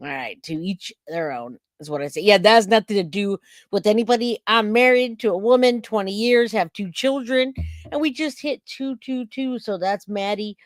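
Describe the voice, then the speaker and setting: A woman in her forties hosts a live reaction stream, chatting and joking with her viewers and reading out chat comments. Her medium-pitched voice moves at a moderate pace, recorded with studio quality and no echo.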